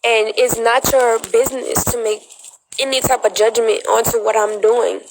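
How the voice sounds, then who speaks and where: High-pitched young woman crying thru a phone live, defiant and repeating herself. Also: steady tone, moderate pace, background noise. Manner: emphatic, repetitive, defiant. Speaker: social media livestreamer. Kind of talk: emotional livestream monologue.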